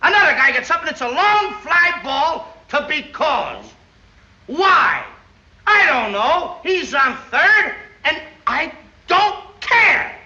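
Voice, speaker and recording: An actor playing an excitable, confused ballplayer in a 1940s film comedy routine, whiny and shouting in frustration. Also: male voice, very high-pitched, slow pace, heavily acted. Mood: confused, exasperated. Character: excitable confused male ballplayer hopeful, comic. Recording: echoey, dull old film soundtrack.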